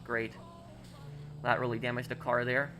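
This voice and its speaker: A man's voice: mid-range voice, monotone, moderate pace, background noise. A man streaming a game, chatting casually with viewers and reading chat aloud, with lots of fillers and restarts. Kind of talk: casual live-stream chat while gaming.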